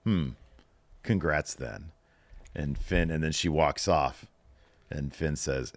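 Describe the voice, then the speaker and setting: A man co-hosting a casual wrestling recap show, retelling backstage scenes with lively storytelling. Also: extremely low pitch, takes it slowly, long pauses, dry recording. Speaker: podcast co-host.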